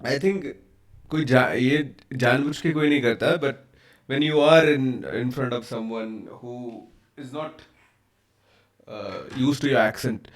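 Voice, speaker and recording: A man's voice: mid-range voice, fairly quick. Indian man mixing hindi and english. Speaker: reaction video host. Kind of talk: casual commentary.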